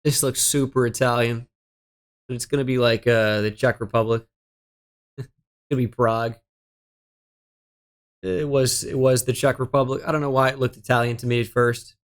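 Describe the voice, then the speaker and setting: A man's voice: medium pitch, steady tone, moderate pace, long pauses. Exasperated man muttering through a game. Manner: self-deprecating, exasperated muttering with frequent swearing. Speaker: gaming streamer. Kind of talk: live game commentary.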